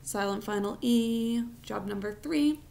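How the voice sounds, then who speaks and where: A woman teaching a recorded spelling lesson, sounding out words slowly, syllable by syllable, for students at home. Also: on the high side, gravelly, dark tone, a little hiss or hum.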